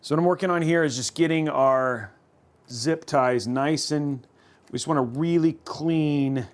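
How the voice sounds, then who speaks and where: A man's voice: on the high side, a little slow. A man hosting a livestream, chatting casually and thinking aloud while building a computer. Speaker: host.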